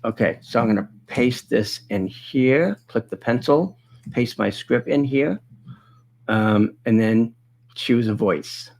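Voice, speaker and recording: A man hosting a live webinar, chatting casually and thinking aloud as he demonstrates software and answers viewer questions. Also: medium pitch, takes it slowly, creaky.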